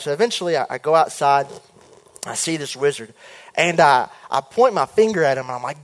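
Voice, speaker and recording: A young preacher tells a story in a lively, chatty way and slips into quoted voices. His voice sits a little high for a man. It rings with the long reverb of a big hall. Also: normal speed. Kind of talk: storytelling sermon.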